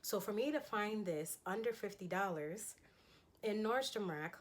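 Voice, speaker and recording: A woman's voice: mid-range voice, animated, measured pace. A woman talking casually through a fashion haul in a chatty, enthusiastic way, with frequent ums and laughs. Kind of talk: casual haul chat showing items.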